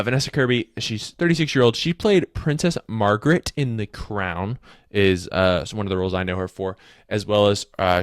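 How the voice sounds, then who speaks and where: Low-voiced man rambling casually. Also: a bit bright, no echo, clean studio sound. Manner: rambling, self-correcting, joking asides. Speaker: video host. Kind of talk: casual commentary.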